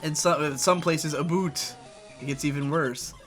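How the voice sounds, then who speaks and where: A man from Canada co-hosting a casual gaming video, rambling and ranting in an animated way. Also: a little high, normal speed, faint music behind. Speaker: co-host of a gaming channel. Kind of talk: casual chat over gameplay.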